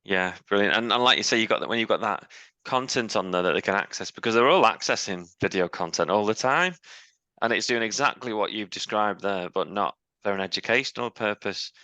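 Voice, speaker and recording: A man's voice: fairly low pitch, bright, forceful tone, dry recording. A man interviewing a guest, stumbling and repeating words as he shapes his questions. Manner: halting, repeats words while forming questions. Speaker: interviewer, teacher. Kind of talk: casual interview chat.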